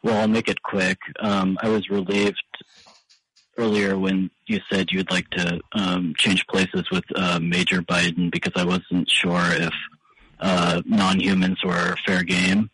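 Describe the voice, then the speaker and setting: A man calling in to a talk show, talking with dry, deadpan humor. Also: deep voice, unhurried, breathy edge, no echo, low-quality recording. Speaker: caller. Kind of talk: casual phone-in chat.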